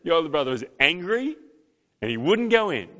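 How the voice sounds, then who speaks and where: Pastor preaching in an echoing hall. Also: male voice, on the high side, sing-song, fairly quick. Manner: emphatic, rising to loud dramatic peaks. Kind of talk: sermon. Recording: long hall reverb.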